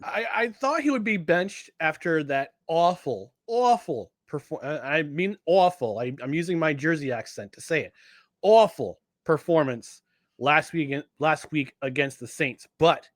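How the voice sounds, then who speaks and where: A man co-hosting a sports podcast in casual chat, animated and jokey, often restarting his sentences. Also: a little high, measured pace, no room sound, clean studio sound. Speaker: podcast co-host.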